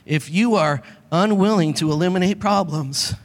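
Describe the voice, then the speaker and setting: Middle-aged male pastor, high voice, animated sermon storyteller, hall reverb. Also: moderate pace. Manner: animated storytelling, acts out quotes.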